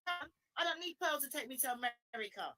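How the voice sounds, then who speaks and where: A woman calling into a livestream, forceful and indignant as she repeats her points in a heated rant. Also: high voice, lively intonation, normal speed, a little hiss or hum, poor audio. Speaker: livestream guest.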